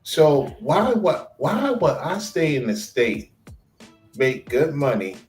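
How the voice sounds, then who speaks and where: Man, casual chat co-host, animated storyteller, roomy sound with faint music behind. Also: on the high side, takes it slowly. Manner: animated storytelling, slips into quoted voices.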